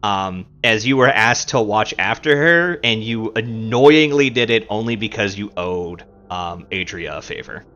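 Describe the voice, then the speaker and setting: A man's voice: fairly low pitch, lively intonation, unhurried, hardly any pauses, a bit bright. A man running a tabletop game as game master, describing scenes with many fillers. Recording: dull lo-fi sound with faint music.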